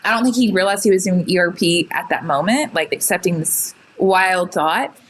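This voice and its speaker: A young woman telling her own story in casual chat, full of "like" fillers and quick retellings. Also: on the low side, lively intonation, slight background noise, low-quality recording. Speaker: guest sharing her story.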